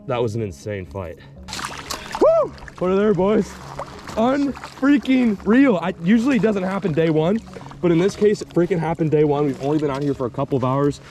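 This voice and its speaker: A young man filming an excited ice-fishing vlog outdoors on a frozen lake, repeating his exclamations as he lands a fish. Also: mid-range voice. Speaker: fishing vlogger.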